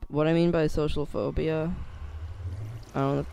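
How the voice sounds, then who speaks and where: A man's voice: on the high side, level tone, a little slow, gravelly, dark tone, clear, resonant tone. A teenage boy talking hesitantly in a casual vlog, full of fillers and restarts, his voice cracking now and then. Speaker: YouTuber.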